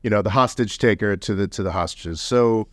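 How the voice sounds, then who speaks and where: A man co-hosting a podcast in casual political chat, animated and heated, mocking others in quick put-on voices. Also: on the low side, no room sound, clean studio sound. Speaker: podcast co-host.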